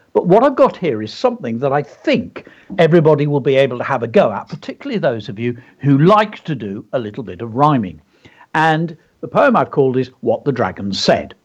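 A man hosts a radio show about writing, explaining a poem with enthusiasm and plenty of ums and uhs, his pitch moving in an animated way. His voice is slightly husky, and the broadcast sound is dull and lo-fi. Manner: enthusiastic, explanatory, many fillers. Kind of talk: instructive radio talk.

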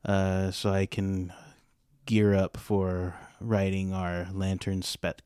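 A man chatting casually as a guest on a podcast, rambling through his thoughts with plenty of fillers and restarts. His voice is smooth and a little low, recorded close and dry. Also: monotone, slow, warm tone, dry recording. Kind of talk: casual chat.

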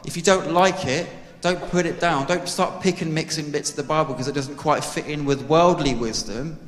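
A man's voice: on the high side, normal speed, hardly any pauses. A man preaching a sermon to his church, earnest and conversational, joking with the congregation. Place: church hall. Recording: echoey hall with long reverb.

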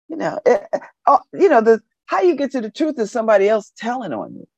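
A woman radio host talking in a loose, slangy way, her pitch swinging up and down as she riffs. She repeats phrases for emphasis and laughs often. The sound is dry with no room, but a little dull and muffled. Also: sing-song, fast talker, darkish tone, no echo. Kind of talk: casual radio commentary monologue.

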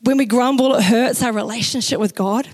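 A young woman pastor from New Zealand with a New Zealand accent, preaching a sermon in a chatty, animated way and acting out the quotes in her stories. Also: fairly high pitch, brisk, low-quality recording. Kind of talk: sermon with personal story. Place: church.

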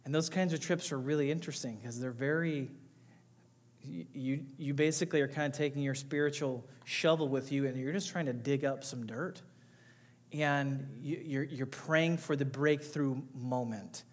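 A man's voice: medium pitch, moderate pace. A man speaking as pastor at a church service, affirming a speaker and explaining the ministry in plain, encouraging terms. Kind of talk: sermon remarks to a congregation.

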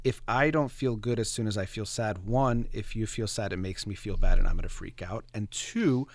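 Male therapist host, low voice, earnest explainer, dry close mic. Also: normal speed, no echo. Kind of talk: casual conversation.

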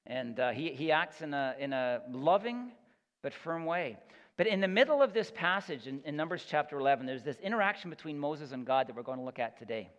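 A man's voice: on the high side, fast talker, a bit bright. A man preaching a sermon as pastor, earnest and emphatic, often repeating words as he builds his point. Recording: echoey hall, dull lo-fi sound.

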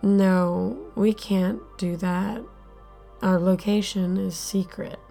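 A woman voicing a cool, breezy woman in charge who speaks in a dismissive, unhurried way in an audio drama. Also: mid-range voice, little pitch movement, vocal fry, warm tone, soft background music.

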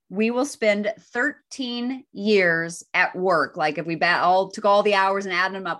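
A woman co-hosting a casual talk show, friendly and upbeat as she sums up a book. Her pitch sits in a middle range for a woman. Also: a bit bright. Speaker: podcast co-host. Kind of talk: casual chat.

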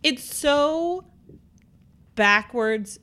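A woman's voice: high-pitched, expressive, very slow, crowd noise. A woman co-hosting a casual chat, speaking bluntly and with strong opinions, swearing freely.

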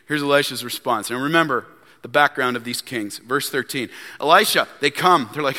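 A man preaching a sermon as pastor, animated and acting out the Bible characters with sarcasm. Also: medium pitch, brisk. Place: church sanctuary. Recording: long church hall reverb.

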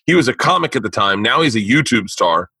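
A podcast host tells a story in a bright yet gravelly, husky voice of medium pitch, talking briskly. His storytelling is animated and profane with frequent restarts, recorded in an indoor home studio with no room sound but low quality.

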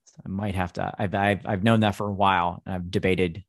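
A man co-hosting a music podcast, enthusiastically pitching songs and bands. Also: level tone, a little fast, dry recording, studio quality. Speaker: podcast co-host. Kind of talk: casual music chat.

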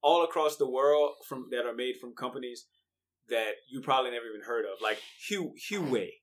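A man's voice: mid-range voice, fairly quick. A man on a podcast patiently explaining things in a casual chat.

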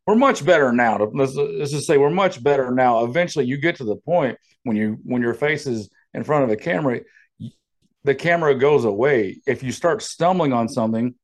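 A man's voice: mid-range voice, expressive, brisk. A man co-hosting a casual podcast, rambling and sarcastic, swearing often, on a podcast microphone. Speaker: podcast co-host. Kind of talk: casual profane podcast chat.

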